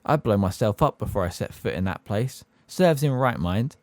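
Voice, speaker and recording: Man doing a slow gruff old bus driver, low and glum, audiobook. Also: animated, darkish tone, dry recording. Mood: gloomy. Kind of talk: audiobook character voice.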